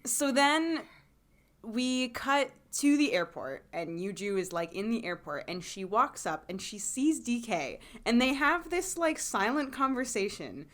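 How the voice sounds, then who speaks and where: A woman's voice: a little high, sing-song, a little slow, fairly bright tone. A woman co-hosting a podcast, retelling a drama episode in casual chat, laughing often and acting out lines. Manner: laughs often, acts out quotes. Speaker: podcast co-host.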